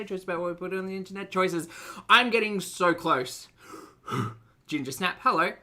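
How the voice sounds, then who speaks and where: A man's voice: a little high, pushed and bright. A young man hosting a casual reaction commentary, chatty and sarcastic, laughing often. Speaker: commentary channel host.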